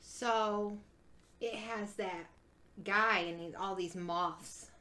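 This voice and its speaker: Laid-back teasing woman co-host, mid pitch, faint hiss and clicks behind. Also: fairly even intonation, very slow, sharp tone. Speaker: podcast co-host. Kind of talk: casual podcast chat.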